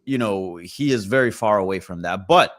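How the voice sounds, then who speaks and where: A man's voice: lowish voice, normal speed. A man gives fight analysis in a casual roundtable. He speaks firmly and directly. He disagrees plainly.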